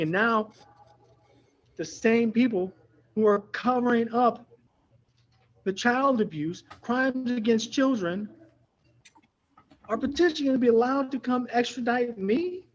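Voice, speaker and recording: A tearful man pleads with a judge, his voice high for a man and husky. He rambles and circles back to the same points as he represents himself. The courtroom recording sounds dull and lo-fi. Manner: emotional, rambling, repeats himself.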